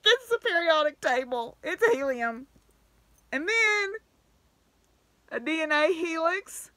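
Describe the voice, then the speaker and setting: A woman's voice: sits high, animated, takes it slowly, long pauses, sharp tone, no room sound. A woman hosting a knitting podcast, chatting casually and gratefully, with frequent exclamations. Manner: gushing, grateful, chatty with laughs. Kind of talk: casual chat to camera.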